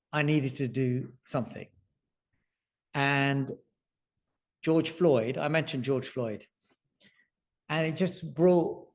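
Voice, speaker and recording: Animated male surgeon telling stories. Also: mid-range voice. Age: 40s. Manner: animated, acts out dialogue in his stories. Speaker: surgeon and author. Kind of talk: conversational storytelling. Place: lecture hall.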